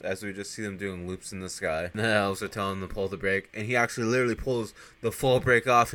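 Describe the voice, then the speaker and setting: A man hosting a podcast, casually recapping a movie scene by scene and jumping into loud, higher voices for the characters. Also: steady tone, quick pace, few pauses. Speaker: podcast host.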